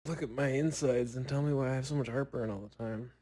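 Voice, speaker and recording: A young man in casual solo chat, rambling and poking fun at himself with long pauses. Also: mid-range voice, steady tone, dark tone, rough recording. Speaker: podcaster.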